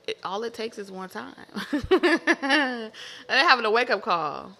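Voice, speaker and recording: A woman giving a casual tarot reading to camera, animated and profane, repeating herself with laughing asides. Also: on the high side, a little slow. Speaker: tarot reader.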